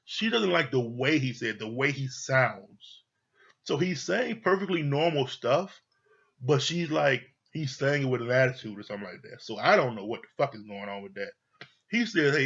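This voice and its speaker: A man's voice: mid-range voice, fairly bright tone, husky. Blunt, profane man reviewing a reality show. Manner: blunt, profane, repeats himself. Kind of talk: casual opinionated commentary. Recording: dull lo-fi audio.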